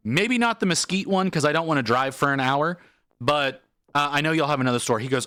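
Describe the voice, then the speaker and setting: Rambling man with a bright voice. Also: a little high, a little fast, dry recording, studio quality. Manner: rambling, animated retelling with quoted voices. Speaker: streamer. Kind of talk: casual storytelling to stream chat.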